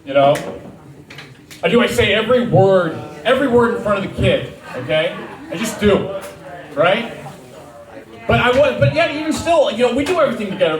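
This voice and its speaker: A middle-aged man doing stand-up with a fairly high, lively voice, rambling and self-deprecating, tripping over restarts. He sounds roomy and a bit off the mic, with a crowd laughing in the bar. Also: distant mic. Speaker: stand-up comedian. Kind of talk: stand-up set. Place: small dive bar stage.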